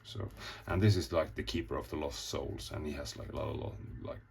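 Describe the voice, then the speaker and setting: Very deep gravelly man, rambling. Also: steady tone, brisk, darkish tone, slight background noise. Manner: rambling, swears a lot, acts out scenes. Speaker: comic artist. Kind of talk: casual show-and-tell.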